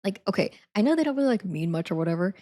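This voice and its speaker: A woman's voice: mid-range voice, big pitch swings, very fast, warm tone. A young adult woman chatting casually on a live stream, laughing often, saying "like" a lot and thanking viewers again and again.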